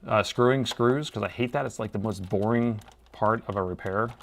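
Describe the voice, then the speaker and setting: A man's voice: on the low side, moderate pace, gravelly, slight background noise. A man chatting casually with his live-stream viewers while he repairs a laptop, talking to himself as he works.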